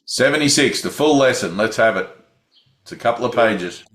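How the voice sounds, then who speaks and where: A man leading a spiritual group session over a video call, speaking gently with short encouraging affirmations. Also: medium pitch, animated, moderate pace, reverberant.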